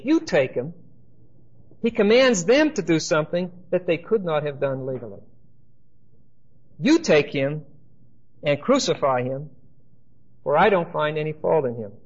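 A man's voice: on the high side, animated, moderate pace, long pauses, husky, lo-fi sound. A man preaching a sermon with emphasis and dry humor, speaking straight to his listeners.

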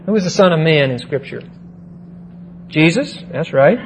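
In a measured, sermon-style Bible lesson, a man with a fairly high voice and lively intonation teaches from Scripture. He keeps repeating his key points and pausing to ask "okay?", while a faint hum runs beneath the low-quality recording.

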